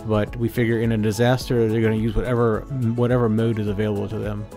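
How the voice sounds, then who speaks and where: A man's voice: on the low side, quick pace, soft background music. Easygoing man touring his radio trailer. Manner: relaxed, many fillers and restarts. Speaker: ham radio channel host. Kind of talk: casual walkthrough narration. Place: inside a trailer, walking around. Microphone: phone.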